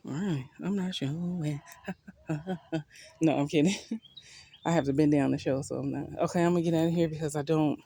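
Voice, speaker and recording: A gardening vlogger chatting casually while walking through an outdoor backyard garden on a phone camera. They are a bit out of breath, laugh often and think out loud. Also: mid-range voice, moderate pace, creaky. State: a bit winded. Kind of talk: casual vlog walk-through.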